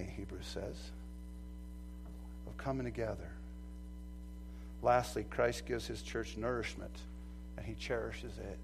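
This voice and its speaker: A man preaching a sermon as pastor, animated, acting out quoted voices and swinging from loud to soft. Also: medium pitch, measured pace, long pauses, faint music behind, poor audio. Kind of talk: lively sermon.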